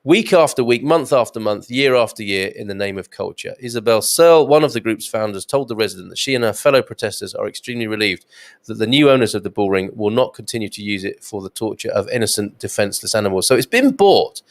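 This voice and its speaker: A man's voice: lowish voice, animated, fast talker. Chatty English man hosting live stream. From England. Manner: chatty, rambling, chuckles often. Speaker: host. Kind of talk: live-stream chat reading out comments.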